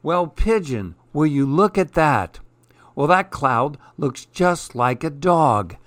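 A man voicing a dreamy, curious little male mouse who speaks in a soft, wondering, eager way, raised above his own voice. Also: a little high, sing-song, takes it slowly, no room sound.

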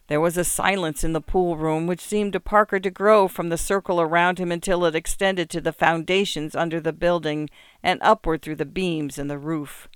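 A man narrating a story in a measured, subdued reading. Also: on the high side, steady tone, clean tone, no echo, studio quality.

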